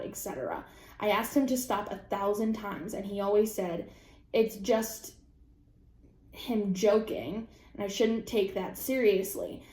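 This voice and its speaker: Reacting to posts online, this young female vlogger keeps it casual and foul-mouthed, breaking into abrupt shrieks now and then. Her voice carries a reverberant echo.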